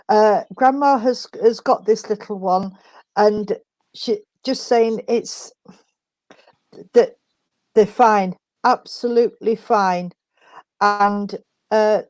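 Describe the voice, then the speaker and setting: A middle-aged woman gives a spiritualist reading, her voice mellow and dark. She speaks gently and haltingly, restarting phrases and calling the listener sweetheart. The sound is dry and close. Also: a little high, no echo. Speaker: spiritualist medium. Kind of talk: mediumship reading in an online service.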